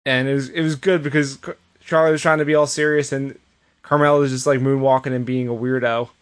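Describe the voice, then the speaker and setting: A man's voice: medium pitch, little pitch movement, fast. A man co-hosting a podcast, recapping wrestling shows in casual chat and storytelling with quoted asides and frequent restarts. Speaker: podcast co-host.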